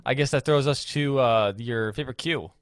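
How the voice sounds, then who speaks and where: Co-host: friendly man, mid pitch, dry close recording. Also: moderate pace, clear, resonant tone, no echo. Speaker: podcast co-host. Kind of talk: casual chat.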